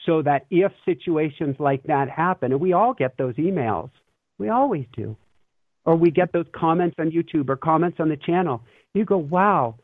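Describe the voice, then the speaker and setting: Appearing as a guest, a man with a fairly high voice speaks at normal speed about love and fear in a casual spiritual talk. He is sincere and thoughtful yet laughs frequently, and the dry recording sounds like a tinny phone line.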